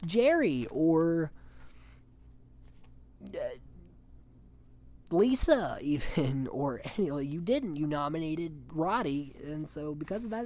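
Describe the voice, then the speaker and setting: Casual recap podcaster: mid-pitched, chatty, rambling, opinionated, filler-heavy. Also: sing-song, slow pace, long pauses, mellow. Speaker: podcast host. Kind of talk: casual reality-show recap commentary.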